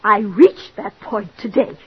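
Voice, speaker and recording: A woman's voice: mid-range voice, lively intonation, measured pace, slightly rough. A woman playing a desperate, jealous married woman in an old radio drama, pleading and overwrought, on a dull old recording. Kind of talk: 1940s radio drama acting.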